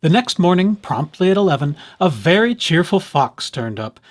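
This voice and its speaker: A man reading a children's picture book aloud with expressive, animated storytelling. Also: high voice, moderate pace.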